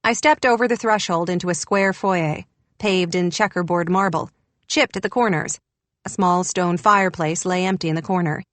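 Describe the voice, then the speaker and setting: A woman's voice: on the low side, normal speed, a bit bright, no echo. A woman reading an audiobook in a wry, descriptive narration. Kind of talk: scripted narration.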